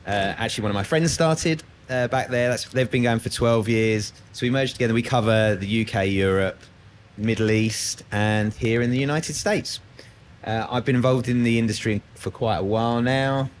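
A man with an Australian accent moderating a conference panel, chatty and jokey, with filler pauses. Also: medium pitch, a little hiss or hum. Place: conference room.

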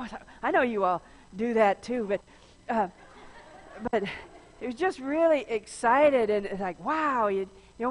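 A woman pastor giving a conversational sermon, chatty and informal, with frequent restarts. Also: fairly high pitch. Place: large church sanctuary. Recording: long church reverb.

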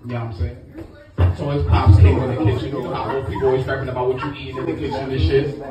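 Brash New stand-up comedian. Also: male voice, mid-range voice, flat delivery, racing, heavy background noise. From Brooklyn, New York. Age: middle-aged. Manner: brash, profane, crowd-teasing. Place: comedy lounge, live audience. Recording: echoey club from far off, music, crowd.

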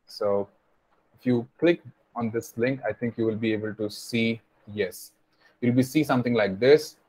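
Teaching kids over a video call, a young man speaks at a moderate pace in a mid-range, slightly mellow voice. His explanations are patient and repetitive, with plenty of fillers.

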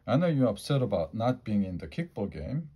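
A man's voice: lowish voice, sing-song, brisk, warm tone, slightly rough, heavily acted. A man voicing a patient mother who explains things in a soothing way. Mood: gentle.

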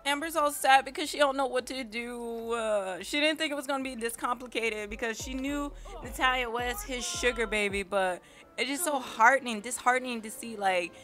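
A woman with a slightly high voice riffs through a let's play, cursing freely and egging on the drama like she's gossiping with a friend. She keeps up a playful, dramatic running commentary. Game music plays clearly underneath her. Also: moderate pace, fairly bright tone. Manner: profane, playful, dramatic trash talk at the game. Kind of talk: casual gameplay commentary.

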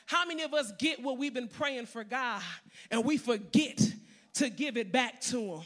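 A woman preacher delivers a sermon with a bright, forceful voice, hammering phrases again and again. Her delivery builds from conversational asides into loud, emphatic calls. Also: fairly high pitch, normal speed.

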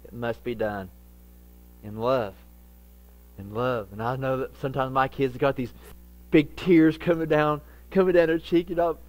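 Middle-aged guy preaching, animated, slips into little voices for stories. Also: mid-range voice, normal speed, low-quality recording. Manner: animated, acts out quoted voices. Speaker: pastor. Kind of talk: sermon.

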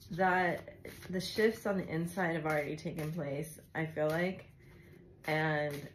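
A woman's voice: sits low, a little hiss or hum, low-quality recording. A woman giving a casual tarot love reading, chatty and intuitive, with asides and fillers. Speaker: tarot reader.

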